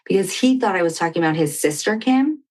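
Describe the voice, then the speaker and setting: A woman with a lowish voice talks fast as a guest on a talk show, telling a personal story in conversation. She's an animated storyteller who acts out what other people said.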